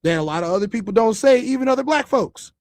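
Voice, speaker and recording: A man's voice: very high voice, lively intonation, fast, no echo. A man with a Chicago accent hosting a podcast, talking loosely and conversationally with frequent restarts. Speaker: podcast host. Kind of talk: casual monologue.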